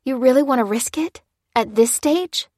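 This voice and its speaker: A woman doing a young heroine, raised high and pressing, insistent, breathless, dry close sound, storybook reading. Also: normal speed, a little mellow, no room sound. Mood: doubting. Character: urgent, determined young woman.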